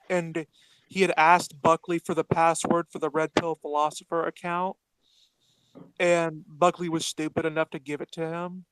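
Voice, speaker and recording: A man's voice: fairly high pitch, background noise. A man as a guest on a casual podcast, recounting events loosely with fillers like "you know".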